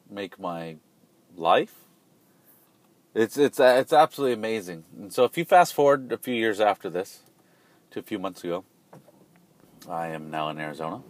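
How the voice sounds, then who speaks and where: A man telling a casual personal anecdote in a rambling, self-deprecating way, often restarting his sentences. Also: fairly low pitch. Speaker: storyteller.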